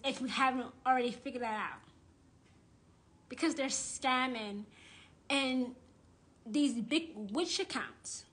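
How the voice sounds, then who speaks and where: Blunt, high-voiced woman ranting live. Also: sharp tone. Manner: blunt, profane and indignant; repeats phrases for emphasis. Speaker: witch and tarot reader. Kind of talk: live-streamed rant.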